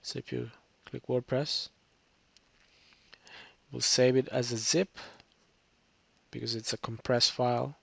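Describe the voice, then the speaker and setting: A man's voice: medium pitch, little pitch movement, slow, vocal fry, long pauses, breathy edge, no room sound. Tired man talking through a screen tutorial. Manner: casual, rambling, many restarts and fillers. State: tired, voice cracking. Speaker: web tutorial instructor. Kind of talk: screen-recorded tutorial walkthrough. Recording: dull, lo-fi screencast audio.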